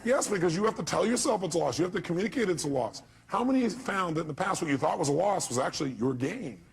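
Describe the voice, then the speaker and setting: A man's voice: high-pitched, expressive, quick pace, gravelly, background noise. A man giving a motivational seminar talk, punchy, firing rhetorical questions at a live audience and acting out voices. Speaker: motivational speaker.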